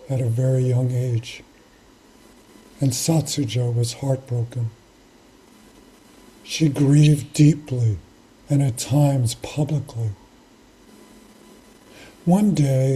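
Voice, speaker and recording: Zen teacher telling an old story really slow, mellow low-key voice, calm and measured. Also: slightly rough, poor audio. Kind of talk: storytelling sermon.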